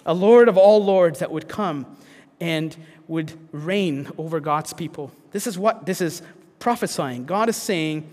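A man's voice: a little high, long reverb tail. A man preaching a sermon in an earnest way, with frequent restarts and fillers. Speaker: pastor.

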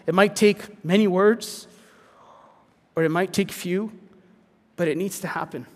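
A man preaching a sermon as pastor, earnest, dropping to a hush and then rising to emphatic points. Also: high voice, a little slow, long reverb tail. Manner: earnest, swings between hushed and emphatic.

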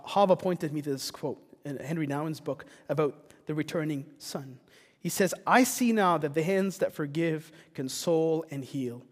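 A man preaching a sermon as pastor, earnest and rising to passionate rhetorical questions. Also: on the high side. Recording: long reverb of a church hall.

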